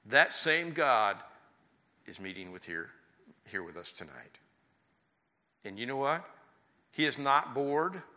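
Folksy older man preaching, bright voice. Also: medium pitch. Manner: folksy, conversational preaching with rhetorical questions. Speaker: pastor. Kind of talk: sermon. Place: church.

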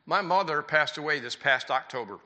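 A man's voice: fairly high pitch, a little fast, pushed and bright. An older man in his sixties preaching a sermon in church, folksy and conversational, with rhetorical questions to the congregation. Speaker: pastor.

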